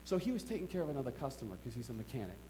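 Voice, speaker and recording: A man's voice: mid-range voice, very fast, a little hiss or hum. Emphatic storytelling preacher man. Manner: storytelling, emphatic, swings from quiet asides to excited outbursts. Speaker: pastor. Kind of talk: sermon.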